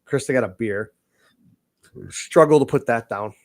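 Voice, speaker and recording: A man's voice: medium pitch, unhurried. A man co-hosting a casual live podcast, telling profane stories and acting out the people in them. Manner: profane storyteller, acts out voices in his anecdotes. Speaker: podcast co-host. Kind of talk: casual chat. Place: informal live podcast setup.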